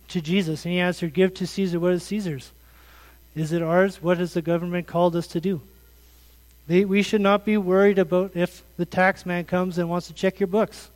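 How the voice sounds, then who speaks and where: High-voiced preacher in a reverberant hall. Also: male voice, a little mellow. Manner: questioning, earnest, conversational preaching. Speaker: pastor. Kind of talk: sermon.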